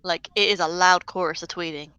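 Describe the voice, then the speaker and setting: A woman game master narrating a tabletop game, taking her time and stopping often for fillers as she works out each detail. Her voice sits on the low side and has a bright edge. The sound is dry and close. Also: steady tone, brisk, clear, resonant tone, no room sound, rough recording. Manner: hesitant, full of fillers.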